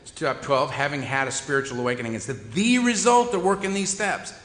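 In an echoey hall, a man shares a humorous story of his own recovery with an audience, wry, self-mocking and conversational. His voice is a little high, a little fast and a bit bright, with slight background noise.

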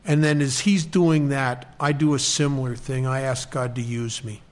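A man telling a personal recovery story in an earnest, halting way, often restarting and quoting the people involved. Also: mid-range voice, steady tone. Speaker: recovery speaker sharing a story.

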